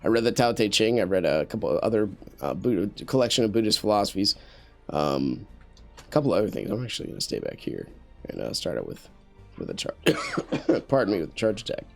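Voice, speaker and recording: A man's voice: lowish voice, big pitch swings, quick pace, gravelly, faint music behind. A man giving casual commentary while playing a game, talking in an earnest, rambling way with many restarts and fillers into a USB studio microphone. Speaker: gameplay commentator.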